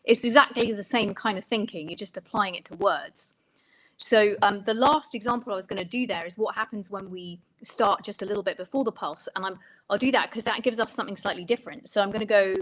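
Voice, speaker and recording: A woman's voice: medium pitch, fairly bright tone, poor audio. Woman songwriting coach, talking through ideas step by step, reflective and explanatory. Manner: thoughtful, explanatory, pauses to rephrase.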